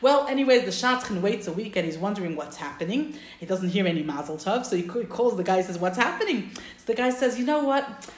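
A woman teaching a class over a video call, telling a parable in an animated, emphatic way. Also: mid-range voice, fast talker, hardly any pauses, echoey room. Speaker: religious teacher.

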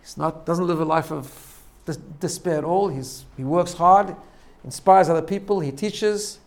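A man's voice: a little high, measured pace. Conversational man giving a talk. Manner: conversational, asks rhetorical "right?", self-corrects and restarts. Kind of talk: sermon-style talk to a congregation.

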